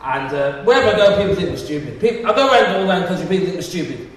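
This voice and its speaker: A man's voice: high-pitched, lively intonation, rapid-fire. A man in his forties with a Birmingham accent doing live stand-up, rambling with stumbling restarts and laughing at his own jokes. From Birmingham, England. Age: 40s. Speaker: stand-up comedian. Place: comedy venue hall with a live audience. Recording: echoey hall from far off, audience laughter.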